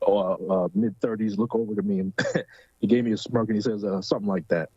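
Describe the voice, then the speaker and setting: Low, husky, hesitant-talking man. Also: fairly even intonation, brisk, mellow, dry recording, dull audio. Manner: hesitant, lots of fillers. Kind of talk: casual political talk show chat.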